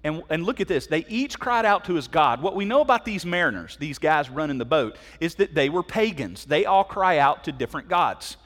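A man's voice: fairly high pitch, very animated, a little fast, few pauses, a bit bright. A middle-aged man preaching a sermon, emphatic and conversational, often asking the listeners direct questions. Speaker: pastor. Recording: long hall reverb.

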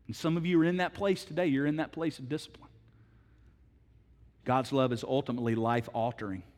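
Emphatic preacher man in a reverberant hall. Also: mid-range voice. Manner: storytelling, swings from hushed to loud and emphatic. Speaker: pastor. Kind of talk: sermon.

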